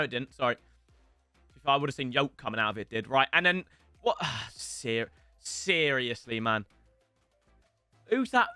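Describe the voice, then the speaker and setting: A young man commentating casually over a football video game, excitable and swearing, with sudden shouts and mutters. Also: sits high, no room sound. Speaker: gaming streamer.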